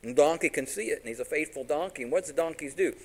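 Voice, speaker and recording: Lively man preaching a sermon. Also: on the high side, very fast, rough recording. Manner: animated, acts out each character's lines in the story; asks the congregation questions. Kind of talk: sermon storytelling.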